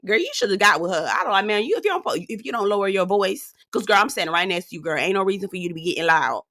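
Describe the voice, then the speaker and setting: A woman's voice: mid-range voice, lively intonation, rapid-fire, sharp tone. A woman giving casual commentary on a reality TV show, sassy and outspoken, talking straight to her viewers. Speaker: reality TV reviewer.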